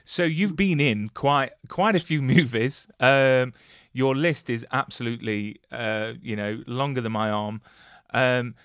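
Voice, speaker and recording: A man's voice: mid-range voice, a little slow, a bit bright, clean tone, dry recording, studio quality. A man hosting an interview, chatty and enthusiastic with many fillers. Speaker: interviewer, host. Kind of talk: casual interview.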